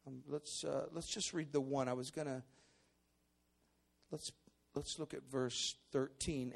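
A man, a pastor preaching a sermon in a church service, who swings from quiet asides to shouted exclamations and often repeats and restarts his words. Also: a little high, moderate pace, gravelly. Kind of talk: sermon with Bible reading.

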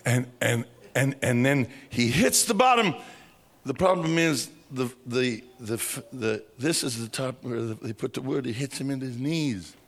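A man preaching by telling a dramatic story, slow and vivid, acting out sounds and voices. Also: medium pitch, lively intonation, a bit bright. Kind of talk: storytelling sermon.

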